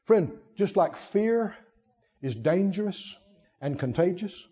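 High, animated preacher. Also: male voice, takes it slowly, husky, lo-fi sound. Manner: animated, shouting at peaks, acting out quotes. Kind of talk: sermon.

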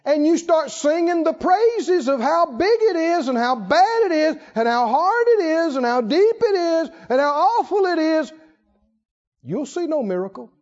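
A man preaching a sermon in an animated style, acting out stories and dropping into hushed asides. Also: very high-pitched, unhurried, dull audio.

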